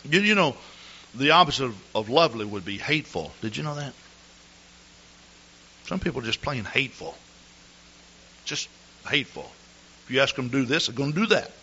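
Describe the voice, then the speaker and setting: Man, preacher, sermon, bright tone, throat-clearing, muffled recording. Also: medium pitch, fairly quick, long pauses. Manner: animated storytelling preacher, clears throat often. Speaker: pastor. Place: church service. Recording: dull lo-fi recording.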